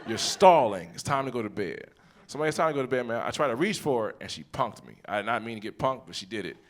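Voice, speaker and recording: A man's voice: fairly low pitch, fast. A man in his forties doing live stand-up, telling a profane family story and acting out the people in it. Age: 40s. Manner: animated, profane, acts out scenes in quoted voices. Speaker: stand-up comedian. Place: comedy theater stage.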